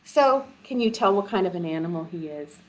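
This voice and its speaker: A woman children's librarian leading a storytime for young children, animated and sing-song, coaxing them with questions. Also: lowish voice, brisk.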